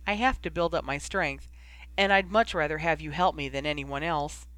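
Male reader doing a wheedling teen sister, higher and bright, dry close read. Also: moderate pace, no echo. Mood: coaxing. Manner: pleading, coaxing. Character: teenage girl, pleading and affectionate younger sister.

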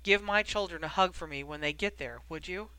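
An audiobook reader voicing a weary, harried middle-aged wizard official who talks in a brisk, grumbling, wry way. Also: medium pitch, sharp tone, clean tone, dry recording, close to an everyday voice, rough recording.

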